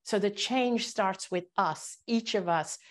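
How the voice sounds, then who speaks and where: A woman calmly explaining a point on a webinar, walking the listener through an imagined scene. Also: medium pitch, slow. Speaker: guest speaker. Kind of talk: webinar talk.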